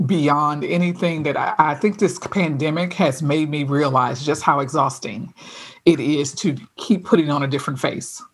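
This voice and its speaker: A woman's voice: deep voice, breathy edge. A woman speaking as a podcast guest, telling a story in an earnest, conversational way with frequent restarts.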